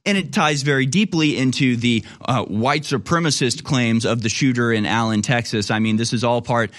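A man's voice: mid-range voice, normal speed, fairly bright tone. A man hosting a political talk radio show, quoting articles and rebutting them with indignant emphasis. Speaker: radio host.

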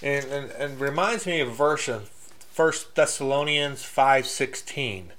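A man's voice: medium pitch, measured pace, fairly bright tone. A man giving a casual, blunt faith talk, preaching straight with many restarts and loose grammar. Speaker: Christian speaker.

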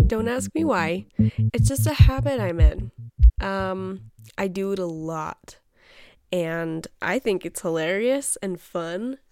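A woman's voice: mid-range voice, animated, slow, darkish tone, no room sound, faint music behind. A woman hosting her own show, talking casually in a chatty, exasperated way and often laughing. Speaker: podcast host. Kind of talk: casual solo chat.

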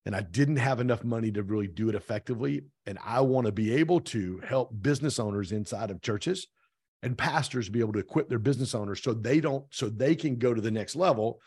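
A middle-aged man telling a story in a casual interview, animated, acting out quoted dialogue. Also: medium pitch, fast talker, slightly rough, no room sound. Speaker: podcast guest, real estate team owner.

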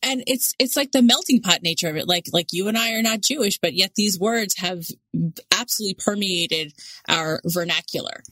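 A woman's voice: mid-range voice, moderate pace, bright, forceful tone, no room sound. A woman from New York co-hosting a podcast in casual chat, talking with frequent "like" fillers. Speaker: podcast co-host.

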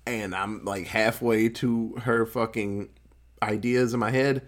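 A man voicing a troubled young pregnant woman, speaking low and subdued in a halting way. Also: fairly even intonation. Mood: dejected.

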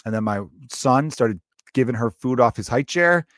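A man's voice: mid-range voice, animated, normal speed, dry recording, clean studio sound. A man in his thirties hosting a comedy podcast, telling a loose, profane, jokey story.

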